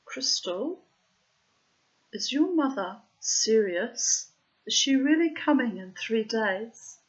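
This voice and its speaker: A woman's voice: fairly low pitch, measured pace, fairly bright tone. A woman voicing a smug young Englishman who talks in a mock-sinister, taunting way, recorded on dull lo-fi audio. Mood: anxious.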